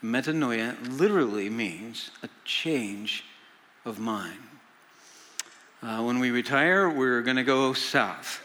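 Bright-voiced older man preaching in a hall. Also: medium pitch, animated, moderate pace. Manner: folksy storytelling with frequent "uh" fillers. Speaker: senior pastor. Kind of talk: sermon. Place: large church hall. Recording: long reverb of a large hall.

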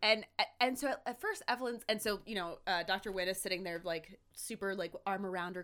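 Brief: casual woman podcast co-host, animated storyteller, lots of fillers. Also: mid-range voice, fairly quick. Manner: animated retelling, acts out quotes, many likes and ums. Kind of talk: casual chat recapping a TV episode.

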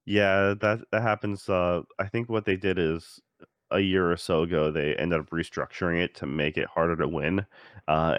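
A man's voice: deep voice, no room sound. A man co-hosting a podcast over a call, laid-back, with a dry, wry humor. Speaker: podcast co-host. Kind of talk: casual podcast chat. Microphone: remote call mic.

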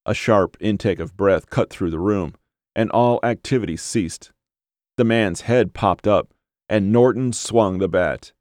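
Man narrating horror audiobook, very low voice, dry studio, steady and measured. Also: dry recording.

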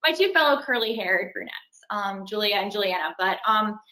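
A young woman talks about her acting life in a relaxed interview, lively and quick to laugh. Her voice is bright and forward. The room around her rings with echo. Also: mid-range voice. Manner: chatty and animated, laughs while talking. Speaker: actress and singer. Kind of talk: casual interview.

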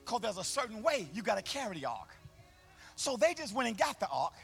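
Pastor guy preaching live in church, big swoopy delivery, climbs up to shouting, real colloquial. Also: high voice, very animated, a little fast, vocal fry, husky, soft background music. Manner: call-and-response, sing-song preaching with swells to shouting; folksy, colloquial phrasing. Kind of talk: preaching a sermon. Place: church sanctuary, live service.

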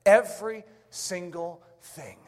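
A man's voice: high voice, slow pace. A male preacher delivering a sermon in a church, emphatic, often repeating his rhetorical questions. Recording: echoey hall reverb.

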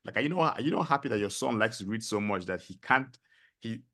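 A middle-aged man with a Nigerian accent, a podcast guest telling stories in a casual interview, animated and full of fillers. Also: on the low side, brisk. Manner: animated storyteller, many fillers.

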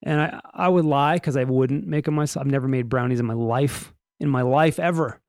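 A man's voice: medium pitch, fairly quick, darkish tone, no echo, clean studio sound. A man hosting a casual news podcast, rambling and joking through the stories with restarts and mock voices. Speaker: podcast host.

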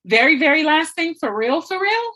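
A woman's voice: sits high, sing-song, normal speed, sharp tone. A woman in her fifties with a slightly country American accent, hosting a podcast in a casual, effusive way. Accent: American, slightly Southern country. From United States. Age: 50s. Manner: effusive, gushing praise. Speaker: podcast host.

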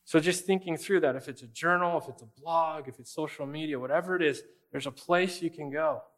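A man's voice: on the high side, a little fast, fairly bright tone. A man preaching a sermon as a pastor, conversational and emphatic, often speaking straight to his listeners.

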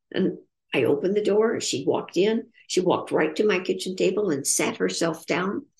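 An older woman tells a personal story with an earnest, reflective tone. Her voice is gravelly with a touch of vocal fry. She often pauses and restarts, and her pitch rises and falls in a lively way. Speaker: author in recovery sharing her story.

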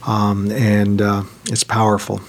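A man with a lowish voice hosts an interview podcast. He talks in a halting, rambling way, circling back with fillers. His delivery is sincere and unhurried. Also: completely flat delivery. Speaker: podcast co-host. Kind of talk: interview hosting.

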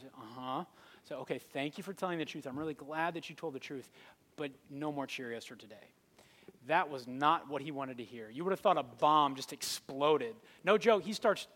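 Man in his thirties, pastor, conversational sermon, slightly high voice, long hall reverb. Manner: conversational storytelling with rising intensity.

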